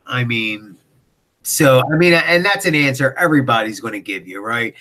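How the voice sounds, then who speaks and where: An older man chatting casually as a guest, halting and full of fillers. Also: mid-range voice, expressive, sharp tone. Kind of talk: casual interview chat.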